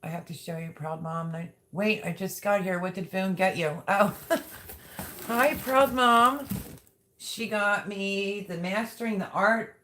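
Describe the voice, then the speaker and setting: A woman with a slightly low voice chatting on her own livestream. She gushes warmly and talks to viewers as she reads their comments aloud. Her delivery is loose and conversational. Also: steady tone, moderate pace, few pauses, slight background noise. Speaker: livestream host. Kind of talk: casual livestream chat.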